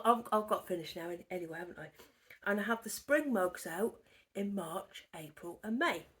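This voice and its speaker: A woman hosting a knitting podcast from her living room at home, in a chatty, rambling show-and-tell that often drops to a near whisper. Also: medium pitch. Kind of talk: casual show-and-tell chat.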